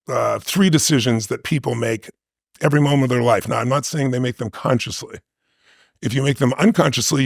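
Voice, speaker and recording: Super gravelly raspy guy telling a story in an interview, emphatic, dry sound. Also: mid-range voice, dry recording. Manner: emphatic, conversational, with frequent asides. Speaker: interview guest.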